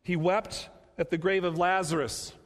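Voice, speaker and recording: A man preaching a sermon, emphatic, repeating phrases and slowing down to stress key words. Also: high-pitched, steady tone. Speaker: pastor. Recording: long hall reverb.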